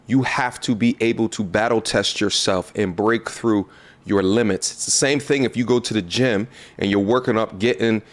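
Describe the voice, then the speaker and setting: A man's voice: lowish voice, moderate pace. A man hosting a commentary video, preaching bluntly and emphatically to his viewers about the clips he plays. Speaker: commentary host.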